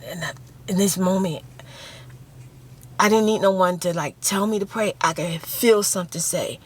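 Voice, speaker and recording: Woman vlogger, mid-pitched, emotional storytelling with lots of repetition. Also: moderate pace, slightly rough. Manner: emotional, repeats phrases, acts out screams and quotes. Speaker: ASMR vlogger. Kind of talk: casual storytelling.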